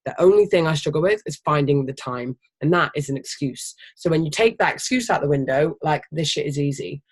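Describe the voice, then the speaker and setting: Team leader, casual motivational training talk; emphatic, energetic, swears freely, mid-pitched. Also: brisk, husky. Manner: animated, energetic. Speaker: team leader of a health business.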